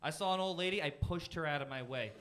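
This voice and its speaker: High-voiced young comic in a noisy club. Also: male voice. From Florida. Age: 20s. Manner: self-deprecating, punchy, rapid shifts into silly voices. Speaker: stand-up comedian. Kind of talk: stand-up comedy set. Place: comedy club stage. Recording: noisy live comedy club with crowd laughter. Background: audience laughter.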